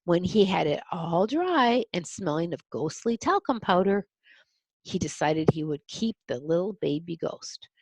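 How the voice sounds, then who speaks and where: Husky woman reading a picture book. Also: fairly low pitch, lively intonation, a little slow, darkish tone, no echo. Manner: explains the pictures to young listeners. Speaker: storybook reader.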